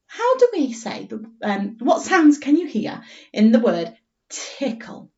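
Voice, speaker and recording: Slow, sing-song woman teaching phonics. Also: fairly high pitch, very animated, darkish tone, echoey room, recorded from a distance, dull audio. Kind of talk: remote primary school story lesson.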